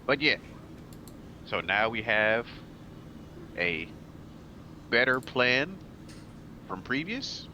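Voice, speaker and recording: A man playing a tabletop game in casual chat, laughing often and sounding animated and easily confused. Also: medium pitch, extremely slow, pauses often, dull audio, a little hiss or hum.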